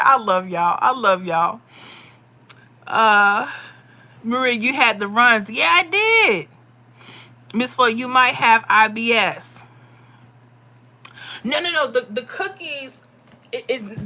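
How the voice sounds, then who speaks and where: A woman hosts a live stream, chatting casually with viewers and reading out their comments. Her slightly high voice is bright and forceful, with Southern-style speech, and she laughs often.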